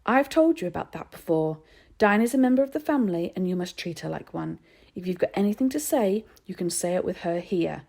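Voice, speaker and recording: A woman's voice: fairly low pitch, animated, vocal fry. A woman doing a prim, firm mother. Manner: brisk and prim, a little sharp. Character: proper, firm suburban mother.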